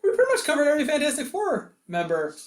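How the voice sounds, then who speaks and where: A man's voice: extremely high pitch, huge pitch swings, fast. A man hosting a casual comic-book podcast, making dry, wry jokes. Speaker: podcast host. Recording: roomy echo.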